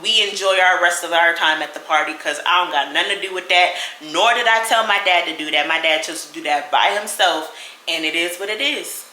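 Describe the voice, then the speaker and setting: A young woman vlogger telling a storytime in an animated, sassy way, talking straight to the listener. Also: on the low side, a little fast, reverberant. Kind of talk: storytime vlog.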